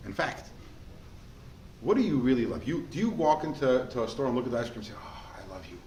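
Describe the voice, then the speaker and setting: Animated male rabbi teaching a class. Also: mid-range voice, quick pace. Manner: animated, asks the class rhetorical questions. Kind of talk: lively lesson to a class. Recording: echoey room with faint noise.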